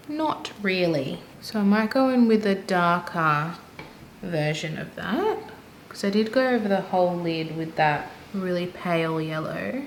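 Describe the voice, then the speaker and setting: A young woman talks casually to her viewers while she does her makeup at home. She rambles and thinks out loud in a mid-pitched voice. The room is echoey, with a faint background hum. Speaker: beauty vlogger and mother. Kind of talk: casual get-ready-with-me chat. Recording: roomy echo with faint ambient noise.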